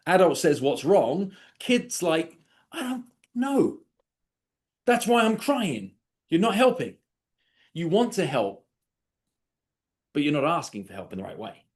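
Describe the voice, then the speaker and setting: A man coaching real estate agents on an online call, lively, acting out sample conversations in quoted voices. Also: medium pitch. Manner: animated, acts out sample dialogues. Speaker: sales coach. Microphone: video call.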